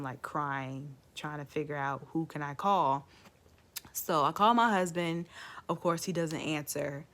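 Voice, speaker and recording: A woman's voice: low voice, fairly bright tone. A woman vlogger casually telling her own story to the camera, chatty, with lots of "like" and "um".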